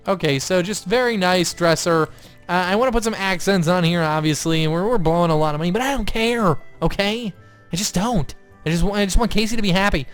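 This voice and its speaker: Hyped young guy doing let's play commentary, kinda high voice, soft music behind. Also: clean tone. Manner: excitable, gushing, swings between loud outbursts and quiet mutters. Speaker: gaming YouTuber.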